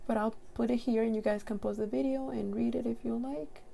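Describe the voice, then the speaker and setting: A young woman with a non-native English accent giving a casual tarot reading to camera, giggling often and reading card text slowly and carefully. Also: fairly high pitch, steady tone, vocal fry, dark tone, a little hiss or hum.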